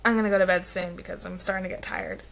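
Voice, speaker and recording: A woman's voice: lowish voice, expressive, fast talker, gravelly, a bit bright, low-quality recording. A young woman chatting casually in a vacation vlog, rambling along with lots of "um" and "like". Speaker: vlogger.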